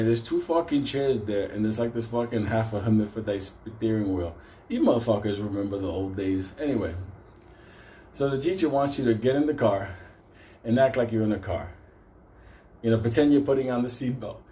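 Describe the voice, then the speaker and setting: A man's voice: mid-range voice, dark tone, a little hiss or hum. Profane, rambling New man. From New York City. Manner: profane, rambling, easily breaks into laughter. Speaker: storyteller. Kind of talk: casual comic storytelling.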